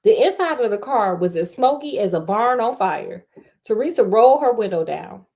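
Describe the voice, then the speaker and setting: A woman's voice: a little high, lively intonation, moderate pace, darkish tone. A woman reading a novel aloud, breaking off often for sassy, joking comments on the characters. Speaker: audiobook reader.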